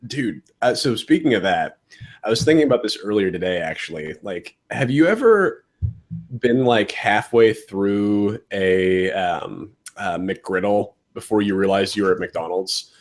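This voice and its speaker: A man's voice: fairly low pitch, animated, a little slow. A man co-hosting a podcast in casual chat, wry and joking, laughing often. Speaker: podcast co-host.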